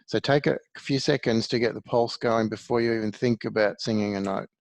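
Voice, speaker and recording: A man's voice: on the low side, steady tone, fairly quick, dry recording. A man teaching a one-to-one music lesson, patiently explaining things step by step.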